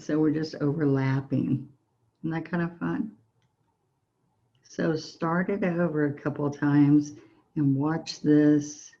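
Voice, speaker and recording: A woman with a soft Southern US accent leads a relaxed painting tutorial, talking slowly and evenly as she walks through each brushstroke. Her voice is mellow and warm, gentle and encouraging. The recording sounds a little dull and muffled. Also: low voice. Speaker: painting instructor.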